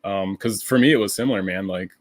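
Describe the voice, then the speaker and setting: A man speaking as a podcast guest, relaxed and thoughtful, with plenty of "like" and "you know". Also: deep voice, fast, no echo. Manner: relaxed, thoughtful, many fillers. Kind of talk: casual chat.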